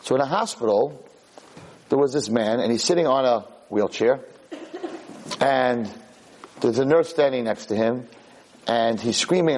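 A man teaching a religious lesson through animated storytelling, acting out the people in his stories. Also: mid-range voice, measured pace, pauses often, a little hiss or hum. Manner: animated storyteller, acts out characters. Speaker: Torah teacher. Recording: podcast audio.

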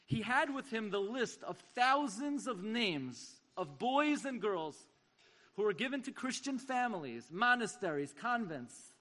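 A man giving an impassioned sermon-style story at a community event, swinging from hushed to loud. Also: sits high, sing-song, measured pace.

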